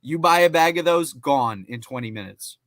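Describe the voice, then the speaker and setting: A young man talks with real enthusiasm and lands his points with emphasis. His voice is bright and forceful. It is recorded close and dry. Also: fairly high pitch, lively intonation, normal speed, no echo. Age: young adult. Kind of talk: casual chat.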